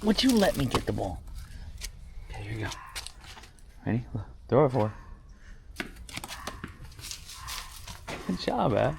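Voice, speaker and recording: A middle-aged father vlogging casually, coaching his kids and telling family stories in a relaxed way. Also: medium pitch, slow, vocal fry, pauses often, background noise. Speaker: vlog host and father. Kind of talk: casual family vlog talk.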